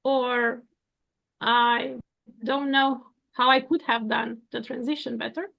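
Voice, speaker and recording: A woman's voice: fairly high pitch, steady tone, takes it slowly, gravelly, dull audio. A woman in her thirties from Romania, talking earnestly about her work as a coach, now and then laughing lightly. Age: 30s. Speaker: coaching guest, architect and coach. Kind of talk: casual conversation.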